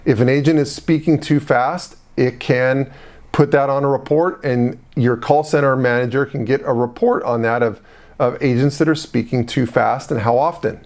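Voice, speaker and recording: Chatty man explaining business software. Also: medium pitch, steady tone, normal speed. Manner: conversational, asks the viewer questions, fillers like "you know". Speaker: host of a business advice channel. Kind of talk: casual direct-to-camera explainer.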